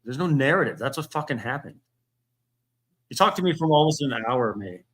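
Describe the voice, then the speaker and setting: A man's voice: mid-range voice, animated, fairly quick, a bit bright, husky. A man arguing over the phone, exasperated and repetitive, swearing as he insists on what happened. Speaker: streamer. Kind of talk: heated one-sided phone argument.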